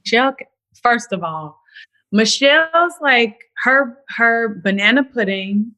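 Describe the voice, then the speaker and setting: A woman in her thirties chatting in a casual interview, telling animated stories and acting out the voices of family members. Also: on the high side, measured pace, low-quality recording. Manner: animated storyteller, acts out voices. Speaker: guest, actress and producer.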